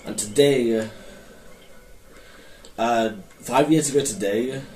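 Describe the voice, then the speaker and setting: A man's voice: mid-range voice, takes it slowly, darkish tone. Rambling man with a roomy, distant sound. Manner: rambling, hesitant, self-correcting. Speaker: gaming channel host. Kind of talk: casual gameplay commentary. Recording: roomy, mic held far off with faint noise.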